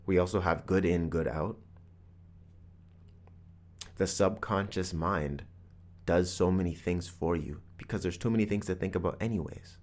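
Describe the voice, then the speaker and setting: Low-voiced guy doing a reflective motivational podcast talk, storytelling vibe. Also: a little mellow. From Canada. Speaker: podcast host. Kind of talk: motivational monologue.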